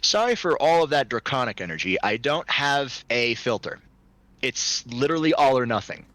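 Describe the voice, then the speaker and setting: Male game master, bright voice, casual and crude, dry close sound. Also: mid-range voice, animated, normal speed, dry recording. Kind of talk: narrating a tabletop role-play game.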